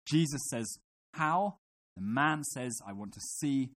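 Guy preaching a sermon to a room full of people, middle pitch, keeps asking them questions. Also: normal speed. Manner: teaching, asks the listeners questions. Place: room with a congregation.

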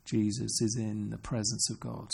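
A man's voice: on the low side, level tone, normal speed, vocal fry, a little mellow, breathy edge. A man preaching an earnest sermon, often asking his listeners questions. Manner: earnest, asks the congregation questions.

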